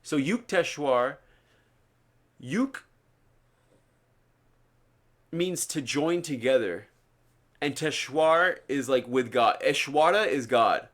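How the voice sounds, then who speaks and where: A man's voice: on the high side, animated, slow, long pauses, a bit bright. A man live-streaming, talking casually and earnestly, preaching about a book he reads to his viewers.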